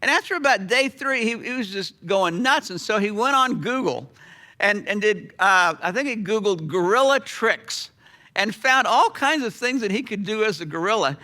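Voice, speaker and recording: A middle-aged pastor telling a story in a sermon, animated, with sudden drops to a hush. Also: male voice, high voice, moderate pace.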